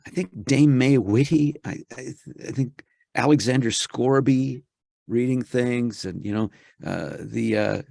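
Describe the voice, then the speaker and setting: A man's voice: mid-range voice, vocal fry, darkish tone, no echo, clean studio sound. A man being interviewed as a voice actor, talking in a reflective way and thinking aloud with frequent restarts. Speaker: guest, voice actor. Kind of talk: casual interview chat.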